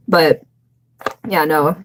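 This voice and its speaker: A woman's voice: lowish voice, a little hiss or hum. A young woman hosting a casual live stream, chatting bluntly with viewers, swearing freely and laughing often.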